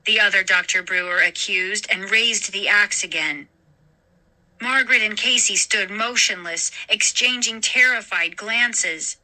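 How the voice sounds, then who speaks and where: Lady reading a spooky story real slow, super bright voice. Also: mid-range voice, steady tone, low-quality recording. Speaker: storyteller host. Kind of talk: scary story narration.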